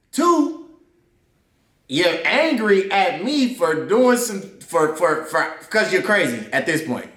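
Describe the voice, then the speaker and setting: A man's voice: sits high, fairly bright tone. A young man animatedly telling a personal story in casual slang, leaning on "I'm like" to replay the scene. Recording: roomy echo.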